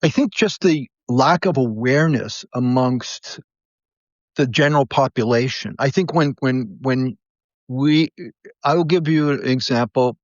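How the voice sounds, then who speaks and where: A man's voice: mid-range voice, a little slow, no echo. A man speaking as a podiatrist guest in an interview, telling stories earnestly and animatedly, often restarting his sentences. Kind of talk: conversational storytelling interview. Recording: slightly muffled, dry.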